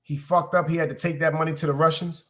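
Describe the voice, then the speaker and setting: A man with a Brooklyn accent hosts a live stream, talking loose and profane straight to his viewers. His voice is bright and sits a little high, with a forceful edge. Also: flat delivery, quick pace. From Brooklyn, New York. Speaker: podcast host streaming live. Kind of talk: casual live-stream chat.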